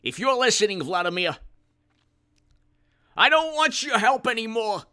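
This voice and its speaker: Guy doing a cranky old senator bit, sarcastic and hectoring, bright pushy tone. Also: sits high, sing-song, unhurried, smooth, pitched above the performer's own voice, full character voice. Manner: hectoring, sarcastic, stumbling emphatic speech. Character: impression of an elderly male senator, indignant. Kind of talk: comedic impression.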